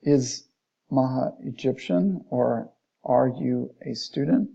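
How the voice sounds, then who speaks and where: Gravelly, mellow male Arabic teacher. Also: mid-range voice, slow pace. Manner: reads passages aloud, then restates them plainly, modeling Arabic phrases. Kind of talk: explaining textbook lesson. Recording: dull lo-fi recording.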